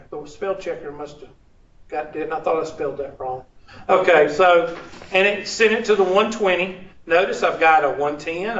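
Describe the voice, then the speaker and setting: This math instructor's voice sits high and is a bit bright. Lecturing in a large classroom, he jokes with his students and asks them to supply the missing words in his sentences, all captured in an echoey, muffled, far-off recording.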